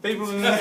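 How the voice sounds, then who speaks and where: In a very noisy, echoey hotel function room, a high-pitched comedian from Cumbria in northwest England is heard far from the mic. He rambles through a stand-up story for a live crowd, laughing at his own jokes and ending lines with "right?".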